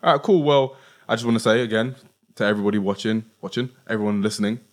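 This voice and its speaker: A man's voice: fairly low pitch, fast talker. A man, hosting a casual podcast chat in a laid-back, rambling way. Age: 20s. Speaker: podcast host.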